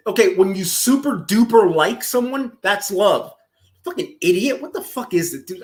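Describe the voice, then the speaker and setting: A man's voice: high voice, expressive, moderate pace. A man streaming casual reaction commentary, profane and mocking, often breaking into laughter.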